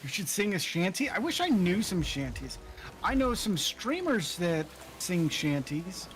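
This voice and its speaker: A man's voice: high voice, big pitch swings, measured pace. A man filling in for the streamer, chatting in a playful, jokey, rambling way during a gaming stream. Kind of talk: casual gaming chat.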